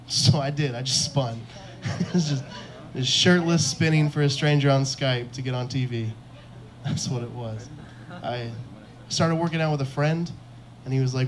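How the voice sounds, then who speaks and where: This young man's voice sits at a medium pitch and moves at a moderate pace. Performing stand-up on a club stage, he tells self-mocking stories and acts out the lines of the people in them.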